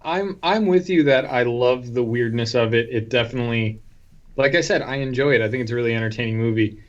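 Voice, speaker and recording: A man's voice: medium pitch, brisk, lo-fi sound. A man co-hosting a film podcast, chatting casually and wryly, hedging his opinions and restarting sentences. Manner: hedging, wry, lots of restarts. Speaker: podcast co-host.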